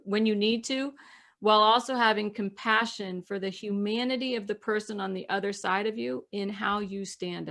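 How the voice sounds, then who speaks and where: Woman podcast host and coach, mid-pitched, thoughtful, lets phrases fade out. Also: fairly bright tone. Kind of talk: casual podcast conversation.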